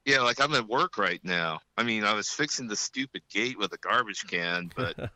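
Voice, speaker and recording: A rambling male guest with a low pitch and a sharp, bright edge to his voice. He talks in loose, self-deprecating run-ons full of fillers, and the sound is dry and close. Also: animated, normal speed, dry recording. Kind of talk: casual chat. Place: at work.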